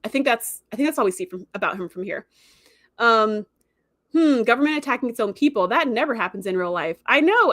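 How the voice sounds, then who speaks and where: A woman's voice: medium pitch, a bit bright, dry recording, studio quality. A woman hosting a livestream, chatting casually and acting out characters' lines as she retells an episode. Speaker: livestream host.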